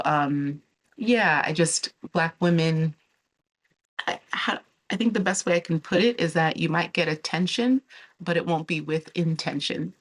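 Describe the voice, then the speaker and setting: A young woman vlogger talking candidly to camera in a casual, chatty way, with fillers and restarts. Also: low voice. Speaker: travel and relocation vlogger.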